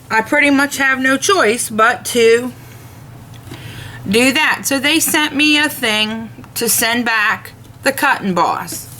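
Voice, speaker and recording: A woman talks straight to camera in an earnest, devout way, airing a complaint. She speaks slowly and deliberately in a somewhat high, bright voice. A faint background hum runs under her words. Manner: earnest, measured, retells dialogue in detail. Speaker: vlogger.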